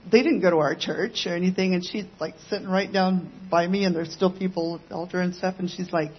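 A woman, a pastor's wife, telling her part of a testimony in a casual, halting way. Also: lowish voice, fairly even intonation, slightly rough, highs cut off. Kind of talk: testimony sermon.

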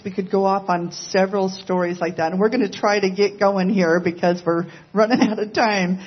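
A woman's voice: medium pitch, breathy edge. A woman sharing a ministry story together with her husband, chiming in and finishing his sentences. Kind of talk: conversational testimony. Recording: slightly dull lo-fi sound.

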